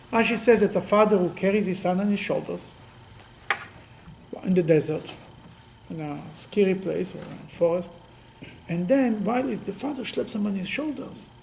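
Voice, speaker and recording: Animated rabbi teaching Talmud. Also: male voice, high voice, low-quality recording. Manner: lively, acts out quotes, frequent restarts.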